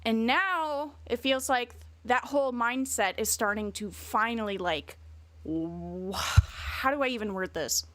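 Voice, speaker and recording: A woman's voice: on the high side, unhurried, a bit bright, no room sound. A woman streamer chatting casually and bluntly, rambling and swearing a lot. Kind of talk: casual livestream chat.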